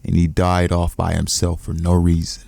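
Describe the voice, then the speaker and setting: A man's voice: low voice, completely flat delivery, moderate pace, creaky, darkish tone. Man reading as a cold demon errand boy. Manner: cold, blunt, curt. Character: ruthless young male martial arts demon posing as an errand boy.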